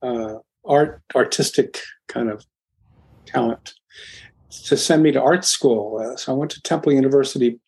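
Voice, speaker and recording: An older man from Philadelphia, a guest in an interview, telling his story in a rambling, halting way with many restarts. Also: medium pitch, darkish tone, breathy edge. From Philadelphia, USA. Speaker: guest, music producer.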